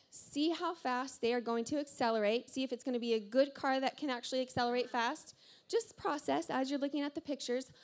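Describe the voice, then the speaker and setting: A woman pastor preaching to a congregation, telling a personal story in an animated, self-deprecating way and laughing often. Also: high-pitched. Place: church service before a congregation.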